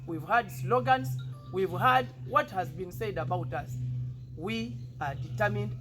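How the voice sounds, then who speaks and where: A Ugandan politician with a Ugandan English accent, giving a defiant press statement with emphatic, repeated rhetoric. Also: male voice, sits high. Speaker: party politician.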